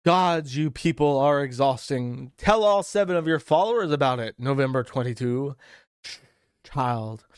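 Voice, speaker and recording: A man's voice: mid-range voice, lively intonation, normal speed, clean tone, dry recording, clean studio sound, lightly acted. A man voicing a pompous, condescending man who sneers at his critics in a haughty, dismissive manner.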